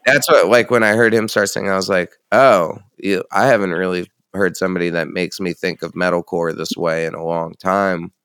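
Laid-back low-voiced man talking shop. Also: fairly even intonation, normal speed, hardly any pauses, fairly bright tone, clear, resonant tone, dry recording, studio quality. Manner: enthusiastic, swears freely, rambling. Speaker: founder of a music feature site. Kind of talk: casual podcast chat.

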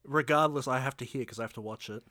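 A man co-hosting a podcast in a casual comedic chat, playful and quick to laugh along with the bits. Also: mid-range voice, bright, forceful tone, dry recording, studio quality. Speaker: podcast co-host.

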